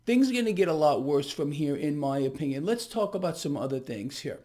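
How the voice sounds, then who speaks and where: A man's voice: fairly high pitch, animated, fairly quick, warm tone. A man giving direct-to-camera market commentary, emphatic and sarcastic, with lots of fillers.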